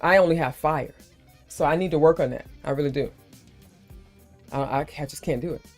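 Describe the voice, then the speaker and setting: A woman with grandchildren, hosting a casual live stream chat in an animated, emphatic way. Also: low voice, soft background music. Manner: animated, emphatic, quick to heat up.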